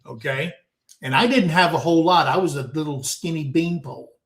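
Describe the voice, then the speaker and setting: A man's voice: a little high, brisk. A man in his sixties telling a story from his youth as host of a casual panel chat over a video call, in a folksy way that keeps calling his listeners guys. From United States. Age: 60s. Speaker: talk show host. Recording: roomy echoing room.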